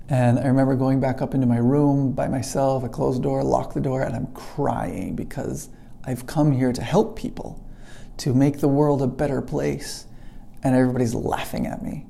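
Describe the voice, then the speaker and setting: A middle-aged man with a very dark, mellow voice and a gravelly edge tells a personal story straight to camera. He speaks earnestly, as a teacher looking back on his own struggle. At the emotional points he slows right down and goes quiet. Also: medium pitch, fairly even intonation, slight background noise. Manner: earnest, slows down and drops to a hush at emotional moments. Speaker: English teacher.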